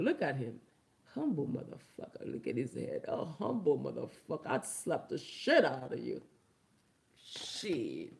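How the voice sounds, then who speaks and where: A woman from Haiti, a vlogger and comedian, ranting loudly and emphatically with a lot of laughter. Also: vocal fry. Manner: loud, emphatic, profane, laughing, big pitch swings. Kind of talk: ranting commentary vlog.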